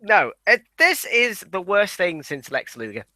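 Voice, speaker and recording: Sharp, high-voiced swearing man. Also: sing-song, a little slow, dry recording. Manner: crude, joking, swears a lot. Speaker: podcast co-host. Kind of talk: casual live discussion. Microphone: webcam.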